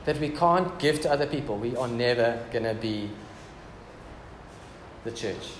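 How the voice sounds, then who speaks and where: A man's voice: mid-range voice, lively intonation, a little slow. A man preaching a casual, joking sermon in a church hall. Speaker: pastor. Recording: echoey church hall with background noise.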